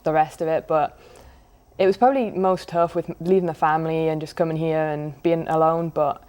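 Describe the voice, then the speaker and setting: A young Englishwoman with a low voice gives easygoing, fairly brief answers as the guest of a college sports interview. Her accent is clearly English. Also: fairly even intonation, fairly quick, darkish tone. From England. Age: young adult.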